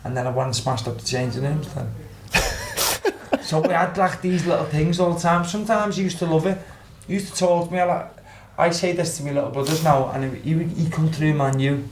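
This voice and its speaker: On a podcast, a young ex-footballer from Liverpool tells casual stories in a Scouse accent, acting out quotes and swearing freely. He speaks briskly with hardly any pauses, in a fairly high voice with fairly even intonation. A little hiss or hum is audible, and the room sounds roomy with faint background ambience.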